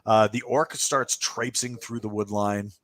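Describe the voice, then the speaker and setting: A man narrating as game master of a streamed tabletop game, relaxed, with many fillers and easy laughs. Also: lowish voice, unhurried.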